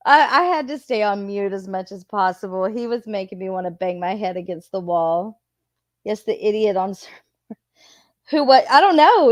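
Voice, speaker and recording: A woman's voice: mid-range voice, darkish tone, no echo. Woman streamer, casual and profane, giggly, dry close sound. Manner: laughs often, profane and chatty. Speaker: streamer reviewing a video. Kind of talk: casual commentary.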